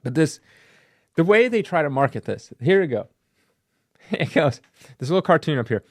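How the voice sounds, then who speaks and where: A man's voice: a little high, sing-song, normal speed, dry recording, studio quality. A man giving casual, sarcastic commentary on vintage comic book ads, laughing at what he reads. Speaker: comic book collector and YouTuber.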